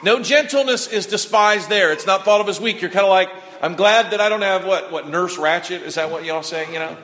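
Folksy preacher in a reverberant church. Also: male voice, sits high, brisk, sharp tone. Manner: folksy, conversational preaching with audience call-and-response. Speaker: pastor. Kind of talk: sermon. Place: church sanctuary. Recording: long reverb of a church hall.

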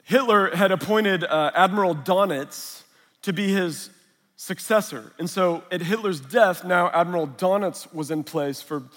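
A man's voice: high-pitched, unhurried, a bit bright. A man preaching a sermon, mixing chatty storytelling and humor with Scripture. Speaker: pastor. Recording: long reverb of a large hall.

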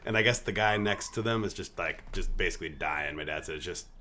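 A man co-hosting a podcast, chatting casually with quick interjections. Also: deep voice, pushed and bright, slight background noise. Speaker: podcast co-host. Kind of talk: casual chat.

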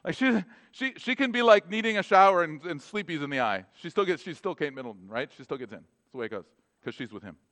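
A pastor, a man with a slightly higher voice, preaching in a loose conversational style. He slips into quick acted dialogues, then drops to a near hush for emphasis before rising again. His delivery swings widely in pitch and level. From North America. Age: adult with children. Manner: conversational, animated, acts out short dialogues. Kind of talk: sermon.

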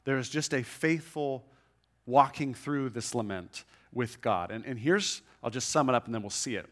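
A man preaching to a congregation in an earnest, conversational way. He talks at an ordinary pitch, often restarts his phrases and checks in with "right?". When he reads scripture aloud he slows down and grows soft. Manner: reads scripture slowly and softly. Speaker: pastor. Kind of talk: sermon. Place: church room with a congregation.

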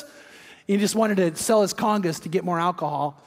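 A man's voice: sits high, brisk, vocal fry. A man preaching a sermon, telling a story with energy and acting out the voices of the people in it. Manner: energetic, acts out quoted voices. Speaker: pastor. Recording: long hall reverb.

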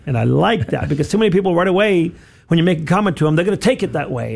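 Gravelly-voiced man hosting a radio show. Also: on the high side, expressive, brisk, darkish tone. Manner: rambling, self-correcting, chuckling. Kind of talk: casual radio talk and prayer.

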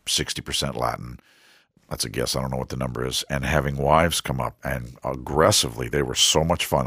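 A middle-aged man with a very deep, husky voice hosts a faith-based parenting podcast. He speaks earnestly, quotes scripture and acts out small exchanges between family members. The sound is close and dry. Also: a bit bright, no room sound. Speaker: podcast host. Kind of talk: conversational Christian parenting talk.

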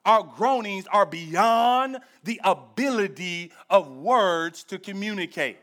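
High-voiced male pastor preaching. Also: animated, takes it slowly. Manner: conversational preaching, swings between loud emphasis and hushed intensity. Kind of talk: sermon.

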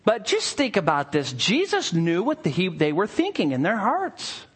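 Preaching a sermon, a male pastor with a high, husky voice speaks at normal speed in a lively, sing-song way that rises and falls widely. He slips into near-hushed asides, then bursts out excitedly, acting out little scenes with playful voices.

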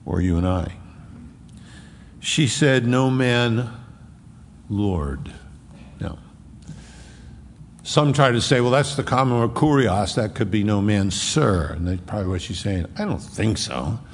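A man's voice: lowish voice, slow pace, long pauses, long reverb tail, slight background noise. A man preaching a sermon as a pastor, with emphatic repetition.

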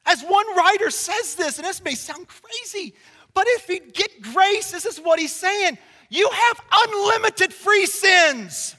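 A man preaching a sermon to a congregation, emphatic and conversational, swinging between loud declarations and hushed passages. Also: very high voice, animated, unhurried. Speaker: pastor. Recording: long reverb of a large hall.

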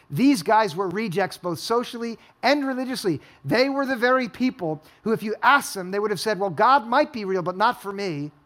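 A man with a high-pitched voice preaches in a church hall, moving between storytelling and a run of rhetorical questions. His delivery is that of a pastor addressing his congregation. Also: fairly bright tone. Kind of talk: sermon.

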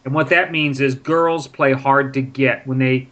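A man's voice: mid-range voice, fairly even intonation, measured pace, a bit bright, highs cut off. A man patiently explaining English grammar with example sentences in a casual spoken lesson. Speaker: English teacher. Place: in Prague.

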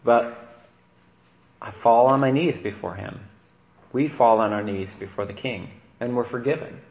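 A man's voice: medium pitch, measured pace, creaky, darkish tone, muffled recording. A man, a priest, giving a conversational sermon and often checking in with "right?". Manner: conversational preaching with frequent "right?" asides. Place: church. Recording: echoey church room.

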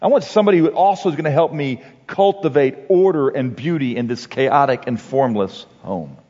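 A man giving a sermon-like talk on marriage and parenting, conversational and halting, with frequent restarts and "you know.". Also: mid-range voice, warm tone. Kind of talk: sermon-like talk with anecdotes and quotes. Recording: dull recording with long hall reverb.

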